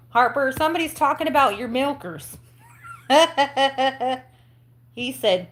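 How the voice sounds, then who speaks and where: A woman hosts a casual livestream while playing with her dog, laughing and cooing baby talk into a phone on a stand. Her voice sits high, and she speaks slowly with long pauses.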